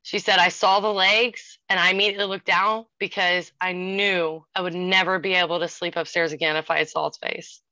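A woman in her forties casually telling a ghost story, animated and acting out the voices of the people in it. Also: on the low side, brisk, hardly any pauses, no echo. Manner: animated, acts out quoted voices. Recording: dull lo-fi sound.

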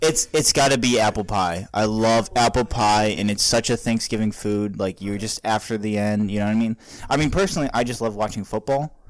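A man's voice: on the low side, brisk, a little hiss or hum. A young man hosting a casual podcast chat, rambling and restarting his sentences. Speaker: podcast host.

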